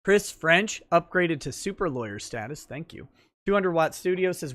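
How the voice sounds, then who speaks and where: A man's voice: a little high, expressive, moderate pace, a bit bright, no echo. A man hosting a livestream, explaining legal matters in a casual, thinking-aloud way with fillers. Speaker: livestream talk show host and lawyer.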